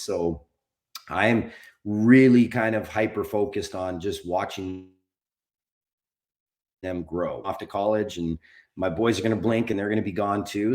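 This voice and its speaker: Man, 40s, low-ish voice, candid rambling podcast guest, echoey room. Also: darkish tone. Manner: candid, rambling, swears casually. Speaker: podcast guest, documentary producer. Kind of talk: casual podcast conversation. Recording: roomy echo.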